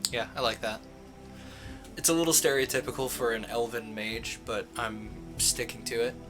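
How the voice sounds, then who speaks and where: A man's voice: mid-range voice, steady tone, moderate pace, over music. A man streaming a game, rambling casually and chuckling at his own jokes. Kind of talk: casual gameplay commentary.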